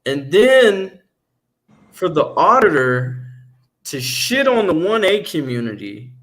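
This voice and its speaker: A man's voice: on the high side, slow. A man hosting a casual chat, talking bluntly and telling stories with lots of cursing. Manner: blunt, profane, animated storytelling. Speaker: podcast host.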